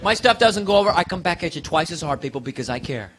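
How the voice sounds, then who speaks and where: A man's voice: fairly high pitch, sing-song, quick pace, background noise. A man doing a live stand-up comedy set on a club stage, playful and self-mocking.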